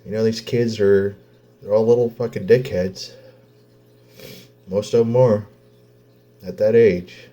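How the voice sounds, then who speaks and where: A man's voice: fairly low pitch, fairly even intonation, mellow, highs cut off. A man, a father venting in a personal vlog, blunt and swearing, close to tears. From Oklahoma. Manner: blunt, heavy swearing, halting pauses. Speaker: vlogger, father.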